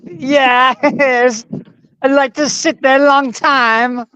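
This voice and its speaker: A man's voice: very high voice, fairly even intonation, drawn-out words, pushed and bright, smooth, dry recording, voice pushed up, full character voice. A man putting on a boastful foreign reporter caricature with a mock Kazakh accent and broken English. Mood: goofy boasting. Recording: dull lo-fi video call.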